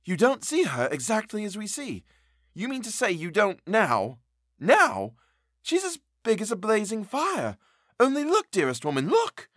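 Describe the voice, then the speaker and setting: A man's voice: a little high, animated, moderate pace, no echo, clean studio sound. A man voicing a distraught young governess. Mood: frantic. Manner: urgent, pleading.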